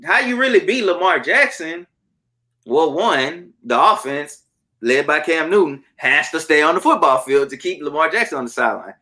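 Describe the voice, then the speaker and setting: A man co-hosting a sports betting podcast in casual chat, animated and repeating words for emphasis. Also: a little high, moderate pace.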